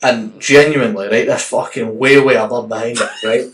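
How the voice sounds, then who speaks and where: A man's voice: medium pitch, moderate pace. A Scottish man in his twenties, a podcast host telling stories in casual chat, swearing often. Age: 20s. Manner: swearing, animated storytelling. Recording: roomy, distant mic with faint hum.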